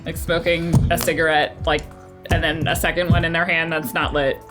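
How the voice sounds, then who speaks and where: A woman's voice: deep voice, flat delivery, fairly quick, over music. A woman running a tabletop game as game master, chatty and loose, with many fillers. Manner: chatty, full of fillers, laughs often.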